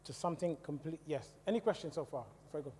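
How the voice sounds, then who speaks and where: A man's voice: on the high side, quick pace, dark tone. Man giving testimony in a reverberant church. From West Indies. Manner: conversational, asks the audience questions. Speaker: church speaker. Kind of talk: testimony talk to a congregation. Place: church hall. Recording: long hall reverb.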